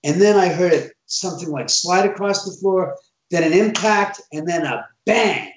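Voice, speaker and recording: A man telling an animated first-person ghost story in casual talk, acting out the dialogue as he goes. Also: sits high, normal speed, a little hiss or hum. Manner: animated, acts out quoted dialogue. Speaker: homeowner telling ghost stories. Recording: roomy, distant, dull sound.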